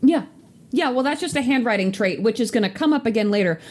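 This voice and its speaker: A woman co-hosting a casual podcast, sarcastic and animated, laughing often. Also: fairly high pitch, fast talker. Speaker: podcast co-host. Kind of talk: casual chat.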